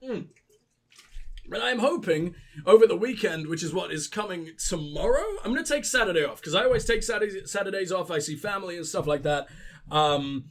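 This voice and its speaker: A man's voice: sits high, lively intonation, fairly quick. A young man with sniffles, commentating his gameplay in a profane, rambling, joking way. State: sick with sniffles. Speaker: let's play host.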